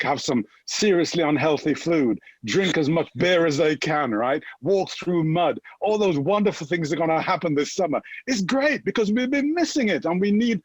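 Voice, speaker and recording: Man, Jamaican accent, upbeat motivator, a bit high-pitched, dull lo-fi sound, very dry. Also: no echo. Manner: energetic, keeps tagging "right?". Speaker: fitness guest.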